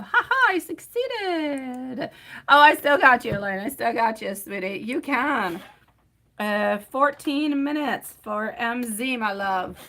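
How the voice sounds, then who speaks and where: A woman's voice: fairly high pitch, pushed and bright. A woman doing a live-stream tarot reading, affectionate and chatty, calling her viewers pet names like sweetie and my love. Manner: chatty, sings snatches while shuffling.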